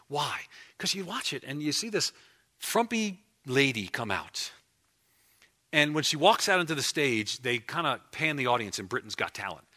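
A man preaching a sermon as pastor in a church, animated and emphatic, often restarting his phrases. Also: medium pitch. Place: church before a congregation.

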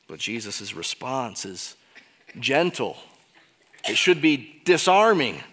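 A pastor preaching a sermon, emphatic at times and dropping to quiet asides. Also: male voice, slow, slightly rough, long reverb tail. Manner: expressive, swings between emphatic peaks and quiet low asides.

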